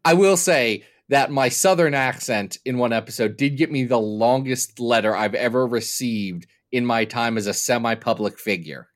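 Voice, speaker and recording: A man's voice: medium pitch, normal speed, few pauses. A man from Kentucky co-hosting a podcast in casual chat, joking and drifting into long explanatory tangents. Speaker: podcast co-host.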